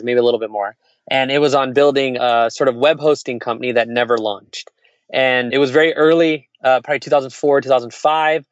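A man in his forties, an entrepreneur, telling a personal story in casual conversation, frank and quick with restarts and laughs. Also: mid-range voice, no echo, dull audio. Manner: fast, candid, laughs and restarts often. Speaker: entrepreneur, podcast guest.

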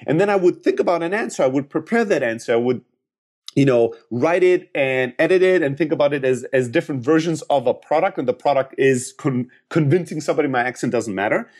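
A man's voice: a little high, expressive, brisk, darkish tone. A man in his thirties from Greece with a Greek accent, giving an emphatic motivational talk on sales that often restarts sentences. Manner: emphatic, restarts often, acts out quoted dialogue. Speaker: sales coach and startup founder.

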